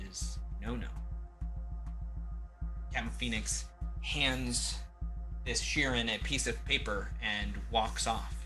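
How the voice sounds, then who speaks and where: Woman narrating as game master. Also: rumbling low. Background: background music.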